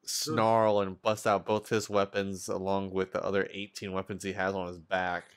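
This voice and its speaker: A man taking part in a tabletop role-playing game, telling his part in a laid-back, joking way. His voice is low and smooth, with a clean, resonant tone. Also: level tone, moderate pace. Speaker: player. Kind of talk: casual tabletop game banter.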